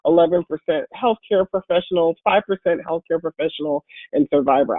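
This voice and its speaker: A woman with a deep voice, congested and a bit hoarse from a cold, giving an upbeat, encouraging webinar talk as a guest speaker. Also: no room sound. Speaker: guest speaker and patient advocate. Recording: phone-like online call audio.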